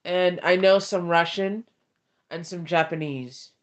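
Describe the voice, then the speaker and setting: A woman ASMR streamer chatting in a soft-spoken, rambling manner during a livestream. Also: lowish voice, steady tone, a little slow. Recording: dull lo-fi stream audio.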